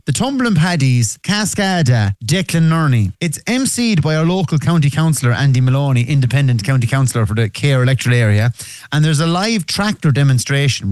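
An Irish man, a radio guest and festival organiser, telling stories in a lively, joking way. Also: fairly high pitch, no echo. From Ireland. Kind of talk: casual radio chat.

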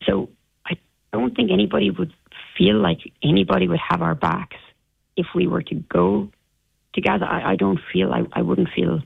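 An Irish woman, an interview guest, recounting an ordeal in a halting way with many restarts, heard over a tinny phone line. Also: fairly low pitch, steady tone, vocal fry, breathy edge, dry recording. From Ireland.

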